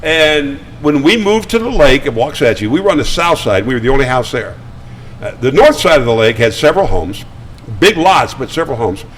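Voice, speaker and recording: An older man talking as a guest, spinning chatty, animated anecdotes with frequent stammered restarts. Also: mid-range voice, brisk, slight background noise, rough recording. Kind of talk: casual storytelling. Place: studio.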